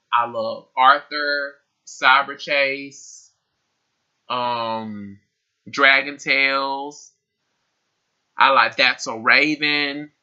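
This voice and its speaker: A man's voice: medium pitch, sharp tone, dull audio. A young man answering questions in a casual tag video, chatty and laughing often as he repeats himself. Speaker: vlogger. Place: his room.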